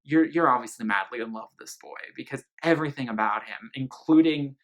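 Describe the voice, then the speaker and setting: Chatty bright-voiced man reviewing an album. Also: medium pitch, brisk. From Philadelphia, Pennsylvania. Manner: chatty and gossipy, full of "like" and "girl". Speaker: music reviewer. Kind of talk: casual album review vlog.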